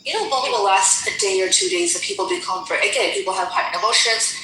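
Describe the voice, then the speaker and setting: A woman telling an angry story in heated casual chat, fast and indignant, swearing often. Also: medium pitch, bright, forceful tone. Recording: echoey room with faint noise.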